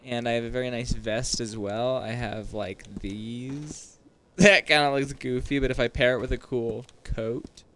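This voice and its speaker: A young man with a mid-pitched voice chats idly as he plays a game, rambling and talking to himself. Faint game sounds sit quietly behind him. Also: steady tone, unhurried, slight background noise. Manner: chatty, rambling, self-talking while playing. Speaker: gaming streamer. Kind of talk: casual let's-play commentary.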